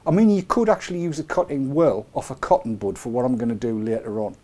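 A man's voice: mid-range voice, fast, mellow. A middle-aged man hosting a casual live webcast, joking and rambling with chuckling asides. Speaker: show host.

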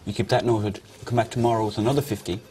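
A man's voice: fairly low pitch, fairly even intonation, very fast, dark tone, a little hiss or hum, natural voice. An actor playing a cheeky, crude young rural Irish slacker who jokes his way through a job interview. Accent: Irish, Mayo.

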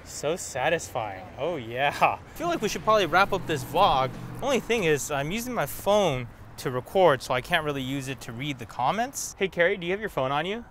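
A man with a somewhat high voice, chatty and playful as he vlogs into a lavalier mic. He talks casually and explains things as he goes. A faint hiss of noise sits under his voice. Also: very animated, fairly quick, hardly any pauses, a bit bright. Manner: chatty and playful, demonstrating gear. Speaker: vlogger. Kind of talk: casual vlog chat. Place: outdoors at a car wash.

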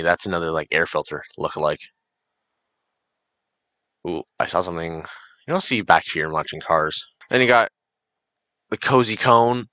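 A teenage young man commentates his racing game in a loose, rambling way, with many restarts. His voice sits very low yet sounds bright and forward. The recording is close and dry, with no room sound. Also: no echo. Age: late teens. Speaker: gaming channel host. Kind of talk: casual let's-play commentary.

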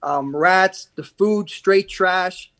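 A man's voice: sits high, very slow, a bit bright. A man on a podcast as a guest, telling blunt, profane stories in casual chat. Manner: profane, blunt, emphatic storytelling.

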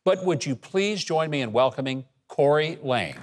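A man's voice: a little high, expressive, moderate pace, over a noisy crowd, very noisy. A man hosting a talk show, introducing and prompting a musician guest with short, encouraging questions.

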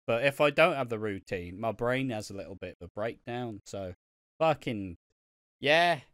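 A man grumbling his way through a casual podcast chat, blunt and full of swearing. His voice sits at an ordinary pitch, and the recording is close and dry with no room sound. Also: expressive, normal speed, a bit bright, no echo. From Britain. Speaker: podcast co-host.

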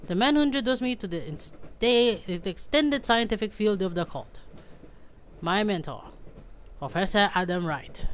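A woman voicing a serious older male doctor in a game, reading his lines gravely with a put-on accent. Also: medium pitch, expressive, normal speed, slight background noise, voice pushed up, natural voice.

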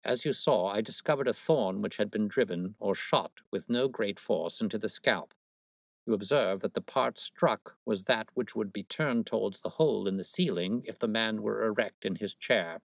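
A man's voice: fairly low pitch, normal speed, gravelly, dry recording. A man voicing a cool, precise male detective who explains his reasoning in a dry, lecturing way, read as a storybook. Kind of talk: storybook reading.

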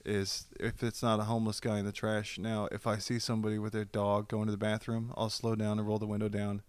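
A man's voice: lowish voice, completely flat delivery, a little fast, smooth, dry recording. A man, a comedian telling stories in casual podcast chat and laughing often. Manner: jokey storyteller, laughs often. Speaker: comedian guest.

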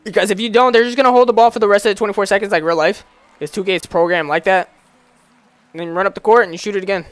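Bright-voiced young man giving game tips. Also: sits high, racing, clean tone, no echo. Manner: excited, slangy, talks to the game as he plays. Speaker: gaming YouTuber. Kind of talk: casual gameplay commentary.

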